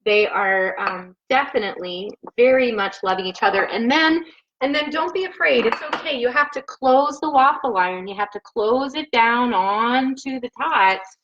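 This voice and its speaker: Woman host, chatty and rambling, laughs a lot, slightly high voice, lo-fi laptop mic sound. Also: normal speed, fairly bright tone, slight background noise. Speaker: home cooking show host. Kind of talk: casual live cooking chat. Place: home kitchen.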